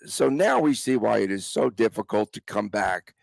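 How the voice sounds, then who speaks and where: A man's voice: fairly low pitch, lively intonation, normal speed, vocal fry, no echo. A man with a cold hosting a casual sports podcast, chatting with his co-host and reading the intro. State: has a cold.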